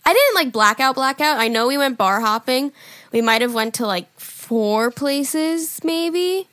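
A woman in her twenties chats on a podcast with a lively, bright tone. Her voice sits a little high. She tells stories animatedly and jumps into loud voices for her past self. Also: a little slow, dry recording. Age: 20s. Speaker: podcast co-host. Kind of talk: casual chat.

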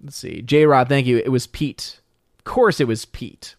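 A man's voice: medium pitch, wildly swooping pitch, a little slow, no room sound, clean studio sound. A man hosting a casual livestream who reads viewer comments aloud and rambles with frequent restarts. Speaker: livestream host reading chat.

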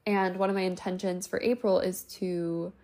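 A young adult woman hosting a self-help podcast, talking in a gentle, reflective and loosely flowing casual way. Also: on the low side, level tone, moderate pace. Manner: gentle, reflective, speaks in loose flowing sentences with frequent "like" and "you know". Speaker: podcast host.

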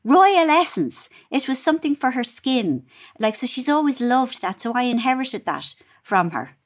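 Irish woman, guest author, lively anecdotal talker, slightly high voice, very expressive pitch. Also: normal speed. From Ireland. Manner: animated storyteller, laughs while talking. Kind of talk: casual chat.

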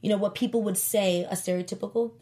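A chatty woman in her thirties, talking as an interview guest. She tells her story with lots of fillers, and her voice jumps up high and loud whenever she acts out what someone said. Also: quick pace. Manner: chatty storyteller, acts out quoted lines in high animated bursts. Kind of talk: casual interview chat.

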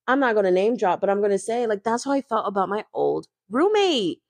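A woman's voice: medium pitch, fairly quick, no echo. Chatty young woman ranting, dry sound. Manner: chatty, heavy use of "like" and "babes", animated retelling. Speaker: reality TV commentator. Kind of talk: casual reality TV recap and rant.

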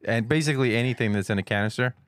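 A man's voice: medium pitch, racing, fairly bright tone, no room sound, clean studio sound. A man who produces the podcast, joining the chat with crude jokes and rambling stories. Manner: crude, joking storyteller. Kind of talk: casual livestream chat.

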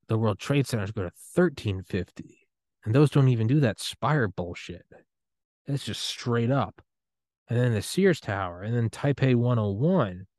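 A young man hosting a podcast, giving a rambling, excitable solo rant full of swearing and trailing restarts. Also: mid-range voice, dry recording, clean studio sound. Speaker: podcast host.

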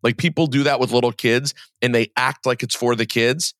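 A man hosting a podcast in casual chat, talking in quick asides. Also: medium pitch, fairly even intonation, a bit bright, dry recording, studio quality. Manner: chatty, quick asides, quotes others in mock voices. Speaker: podcast host.

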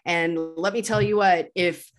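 A woman voicing a stern, scornful wealthy older man who scolds in a low, quiet voice. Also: fairly even intonation, measured pace, faint music behind, lightly acted.

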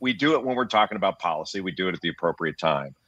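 A man in his fifties from the United States, a basketball analyst talking as an interview guest in a measured, reasoned way with frequent restarts. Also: low-pitched, animated, bright, forceful tone. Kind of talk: interview conversation. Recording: dull lo-fi dry sound.

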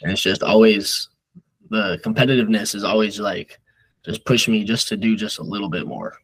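Rambling young man, low voice. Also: normal speed, breathy edge, poor audio. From Nebraska. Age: young adult. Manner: rambling, filler-heavy storytelling. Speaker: guest wrestler. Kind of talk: casual podcast chat.

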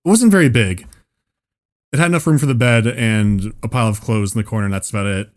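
A man's voice: on the low side, fast talker. A man telling a long story on a casual comedy podcast, rambling and restarting sentences, swearing and laughing as he goes. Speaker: podcast co-host.

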